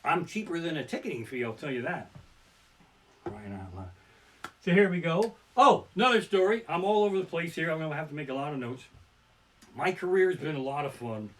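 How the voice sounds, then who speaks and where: Profane, animated male comedian storytelling. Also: a little high, brisk, far from the mic. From Pennsylvania. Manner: profane, rambling, bursts into shouts. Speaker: stand-up comedian. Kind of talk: live-streamed comedy storytelling. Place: living room at home. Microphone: simple home streaming setup.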